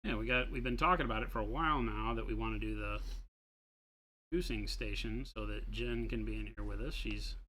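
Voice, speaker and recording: A man's voice: on the low side, a little fast, pushed and bright, a little hiss or hum, rough recording. A man co-hosting a hobby livestream, explaining things plainly and step by step. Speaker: co-host of a miniature painting livestream. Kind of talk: casual livestream chat.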